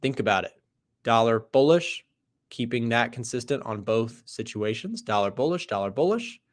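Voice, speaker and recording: A man hosting a live trading stream, talking casually through charts, animated and emphatic, often checking in with "right?". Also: medium pitch, moderate pace. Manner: conversational, asks "right?" often; animated, emphatic, loud bursts. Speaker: trading livestream host. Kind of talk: live market commentary.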